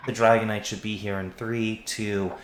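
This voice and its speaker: A man runs a tabletop game as game master, narrating scenes in a relaxed way with plenty of ums. His voice sits low, and the recording carries a roomy echo. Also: moderate pace.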